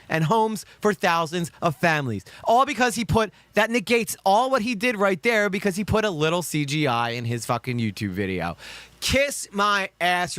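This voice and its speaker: A man's voice: high voice, fairly bright tone, no echo. A man with a Southern US accent giving heated, profane reaction commentary on videos.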